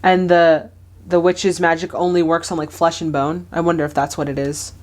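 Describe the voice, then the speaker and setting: A woman's voice: low-pitched, little pitch movement, moderate pace. A young woman hosting a movie reaction video, chatting casually with lots of fillers. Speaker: host of a movie reaction channel.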